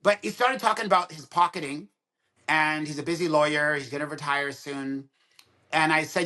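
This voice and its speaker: A man's voice: on the high side, a little fast. A man of around sixty, a dentist and podcast guest, telling stories in casual conversation and acting out both sides of quoted dialogue. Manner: animated storyteller who acts out both sides of quoted dialogue.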